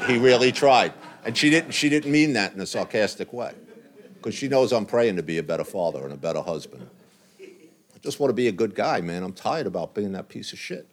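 Blunt, earnest older man with a low voice. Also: vocal fry. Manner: blunt and earnest, plain language with mild cursing. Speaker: recovery group speaker. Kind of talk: candid talk to a men's group.

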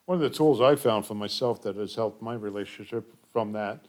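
A man leading a group discussion, speaking in a relaxed, conversational way with frequent filler words. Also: fairly low pitch, fairly quick. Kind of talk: casual talk to a group.

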